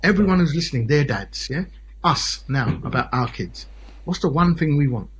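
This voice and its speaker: A man in his forties from Britain, a solicitor telling his story as a podcast guest in an animated way, often checking in with "yeah?" and "right?". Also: a little high, moderate pace, slight background noise. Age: 40s. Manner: animated, peppered with tag questions like "yeah?" and "right?". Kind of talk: casual podcast interview storytelling.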